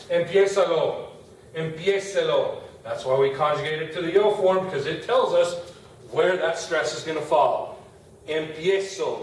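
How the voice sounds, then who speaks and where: A male Spanish teacher explains a grammar lesson in a fairly high voice. He patiently stretches out example words and says them again. He sounds far from the mic, in a very echoey room with a faint hiss.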